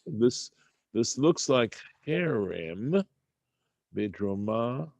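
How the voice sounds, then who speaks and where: A man teaching a Torah study class, thinking aloud with halting restarts as he reads Hebrew text and translates it into English. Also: medium pitch, very animated, creaky, darkish tone, no echo.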